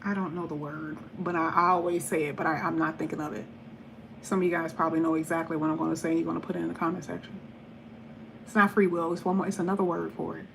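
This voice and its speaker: A woman giving a casual tarot reading to camera, talking in a chatty, blunt way with animated asides. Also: deep voice, fast talker, gravelly, slight background noise. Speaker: tarot reader.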